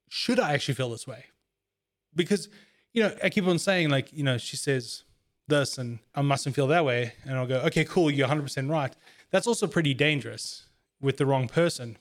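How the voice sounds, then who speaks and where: A man's voice: a little high, moderate pace. A man chatting casually in an earnest, reflective way, telling stories about handling his own emotions. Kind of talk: casual chat.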